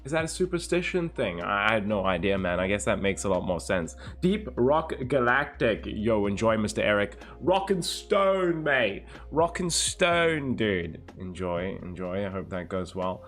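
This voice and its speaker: A man's voice: fairly low pitch, lively intonation, moderate pace, hardly any pauses, a bit bright, faint music behind. A man livestreaming in a casual, laid-back way, greeting viewers by name and reading chat aloud.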